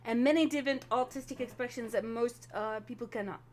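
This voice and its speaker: A woman running a tabletop role-playing game as game master, explaining at length in an animated way. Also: on the high side, brisk, slight background noise.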